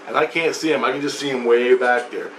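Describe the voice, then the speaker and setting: A man's voice: mid-range voice, steady tone, quick pace, a bit bright. A man retelling a spiritual vision in casual, rambling storytelling, swearing often and restarting his sentences. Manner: rambling, profane, many restarts and repetitions. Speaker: vlogger. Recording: roomy echo, faint background noise.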